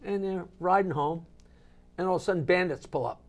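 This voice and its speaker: An older man, a comedian, telling stories and jokes as a talk show guest in an animated way. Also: sits high, a little fast. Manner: animated joke teller with big swings. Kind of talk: storytelling in a live talk show.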